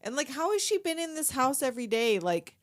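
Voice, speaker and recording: A woman's voice: high-pitched, sing-song, a little fast. A woman co-hosting a podcast, casually retelling a film scene by scene and acting out characters' lines. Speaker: podcast co-host. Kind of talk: casual movie recap chat.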